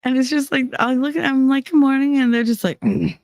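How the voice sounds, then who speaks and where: A woman from New Jersey with a New Jersey accent, chatting casually on a live stream, reading out her chat and answering it in a blunt, animated way with plenty of swearing. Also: high voice, fast, no echo, studio quality.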